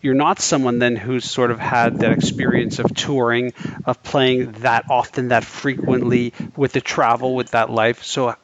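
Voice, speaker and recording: A man's voice: mid-range voice, flat delivery, normal speed, muffled recording, heavy background noise. A man interviewing a musician, asking thoughtful questions that he rephrases as he goes.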